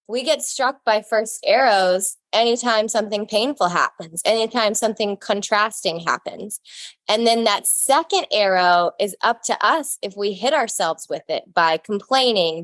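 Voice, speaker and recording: A woman's voice: medium pitch, a bit bright, no room sound. Reflective woman in a podcast chat. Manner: reflective, explains ideas with quotes and examples. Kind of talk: casual podcast conversation.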